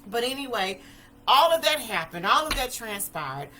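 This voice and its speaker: A woman tells her story in a bright, forceful voice. She talks in an animated way, acting out each quote as she speaks. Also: fairly high pitch, moderate pace, a little hiss or hum. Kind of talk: personal testimony talk.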